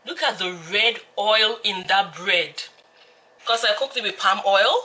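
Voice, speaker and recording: A woman's voice: medium pitch, a little slow, bright, forceful tone. A young Nigerian woman hosting an eating show, chatting in a hyper, playful way and slipping into song and Yoruba asides. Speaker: mukbang host. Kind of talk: casual eating-show chat.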